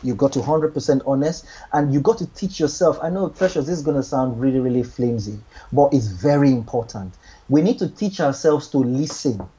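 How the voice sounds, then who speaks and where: A man talking through relationship advice in an earnest, meandering way, doubling back over his own words. His voice is husky and mellow, and the recording sounds dull and lo-fi. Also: medium pitch, lively intonation, a little fast. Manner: earnest, repeats words, many restarts and "you know". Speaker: guest giving relationship advice. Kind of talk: casual advice chat.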